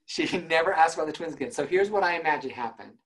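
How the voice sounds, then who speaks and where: A man's voice: fairly high pitch, lively intonation, racing. Man telling a story with frequent laughs. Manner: laughs often while telling a story on himself. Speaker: podcast co-host. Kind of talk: casual storytelling chat.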